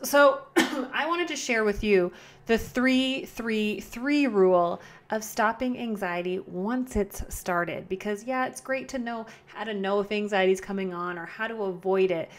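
Here a woman runs a solo podcast at home in a relaxed, chatty way, her mid-range voice captured by a camera close at hand. She goes over the same points, fixes her own wording, and eases down the tempo on purpose to show calm breathing.

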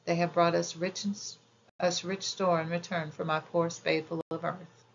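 A woman's voice: on the low side, little pitch movement, normal speed, highs cut off, slight background noise, natural voice. A woman reading the lines of a sick, feverish poor day laborer in a storybook, calling out earnestly. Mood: grateful.

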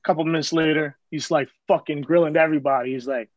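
A man telling a story to friends in profane, slangy, animated casual talk as host of a vlog. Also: fairly high pitch, quick pace, no room sound, muffled recording.

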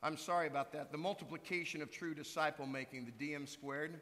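A middle-aged male pastor giving an earnest, lively conference teaching talk. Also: fairly high pitch, brisk. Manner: earnest, lively, acts out quotes loudly. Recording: reverberant hall recording.

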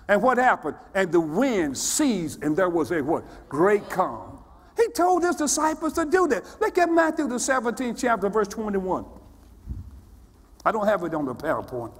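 Delivering his sermon in the long reverb of a church sanctuary, a male pastor speaks with an unusually high pitch and lively swings up and down. Calm, steady teaching gives way to questions he shouts back at the congregation.

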